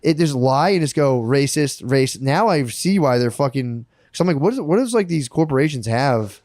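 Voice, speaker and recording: A man co-hosting a podcast, chatting casually and telling animated, profane stories full of put-on quotes. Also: medium pitch, normal speed, no echo, studio quality. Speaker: podcast co-host. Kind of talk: casual chat.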